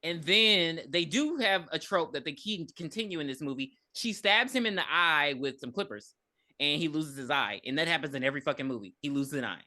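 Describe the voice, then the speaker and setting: A woman's voice: deep voice, expressive, brisk, pushed and bright. A woman podcast host giving a casual, profane movie recap with emphatic storytelling.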